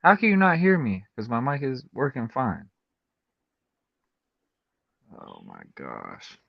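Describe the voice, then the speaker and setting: A man's voice: medium pitch, animated, brisk, no room sound. A male podcast host talking candidly in loose, run-on sentences during a casual chat. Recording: dull lo-fi recording.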